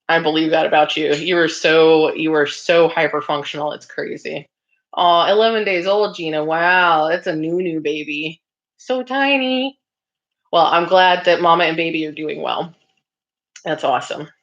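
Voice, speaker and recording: Hosting an easygoing craft livestream, a woman with a low, fairly bright voice keeps a steady tone and moderate pace. She reads viewers' comments aloud and chats back, laughing frequently and using filler ums. The recording sounds slightly dull and lo-fi.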